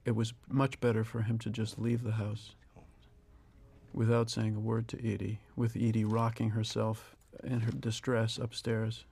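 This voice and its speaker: A man in his sixties, a film director giving a reflective, measured audio commentary. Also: lowish voice, completely flat delivery, vocal fry, darkish tone, husky. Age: 60s. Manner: reflective, measured, with pauses and restarts.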